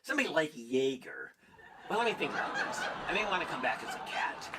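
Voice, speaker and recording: A man's voice: fairly high pitch, huge pitch swings, a little fast. A man doing a stand-up comedy set, rambling and self-mocking, laughing at his own jokes on stage before a live audience. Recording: live club audience and ambient noise.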